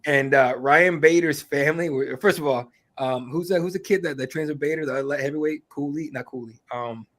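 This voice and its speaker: A man with a somewhat high voice chats casually on a podcast. He rambles, restarts and drops fillers and the odd swear word as he tells stories about covering fights. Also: fairly quick, fairly bright tone. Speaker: MMA reporter, guest.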